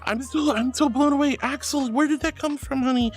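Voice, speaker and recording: A man's voice: extremely high pitch, steady tone, fairly quick, soft background music. A man streaming casually, reading viewer messages aloud and calling them sweetheart and honey in a gushing, playful way.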